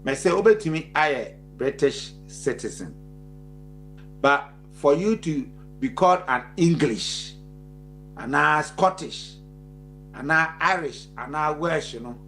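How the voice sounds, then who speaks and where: A Ghanaian man with a slightly higher voice co-hosts a live chat show. He talks animatedly and laughs easily, moving between Twi and English. Faint music runs underneath. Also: animated, takes it slowly, fairly bright tone.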